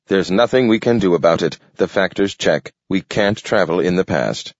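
A man's voice: deep voice, animated, moderate pace, no room sound, highs cut off. A man voicing a stiff, proud, matter-of-fact robot in a storybook.

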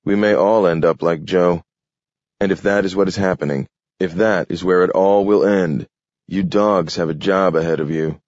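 A man playing a determined grown man who speaks briskly and insistently. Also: sits low, steady tone, a little mellow, dry recording, highs cut off, natural voice. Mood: earnest.

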